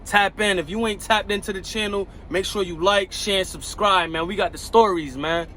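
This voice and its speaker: A truck driver vlogger tells his viewers a story in loose street slang, circling back over the same phrases. His voice sits high for a man, and a faint vehicle hum carries under his words. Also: steady tone, normal speed, sharp tone, low-quality recording. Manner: slangy, repeats phrases, addresses viewers directly. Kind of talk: casual storytelling to camera.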